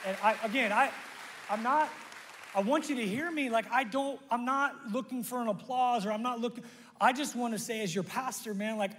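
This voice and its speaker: A man's voice: very high voice, moderate pace, a bit bright, long reverb tail, a faint crowd. A man preaching a sermon as pastor, earnest and impassioned, often restarting his sentences. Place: church sanctuary.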